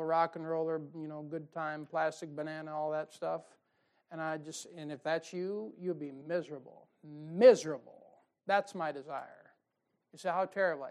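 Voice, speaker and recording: Folksy preacher man, fiery. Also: sits high. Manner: folksy, emphatic preaching with sudden loud bursts and mocking quotes. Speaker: pastor. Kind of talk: fiery sermon.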